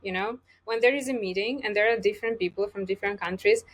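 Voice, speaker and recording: A woman's voice: medium pitch, fast talker. Chatty woman coach with a lilt. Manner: chatty, laughs often, frequent fillers. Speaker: communication coach. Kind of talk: casual interview conversation.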